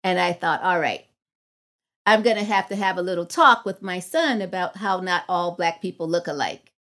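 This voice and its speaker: A woman's voice: lowish voice, normal speed, a bit bright. A middle-aged woman, a guest on a podcast, telling a personal story in an earnest, reflective way and acting out the dialogue in a raised voice. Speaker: guest, psychology professor.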